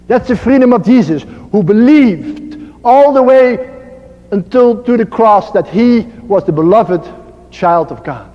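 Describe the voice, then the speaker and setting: A man with a Dutch accent giving an earnest spiritual talk as a priest, slow and emphatic, repeating his phrases. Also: high voice, dark tone. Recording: muffled archival recording in a reverberant hall.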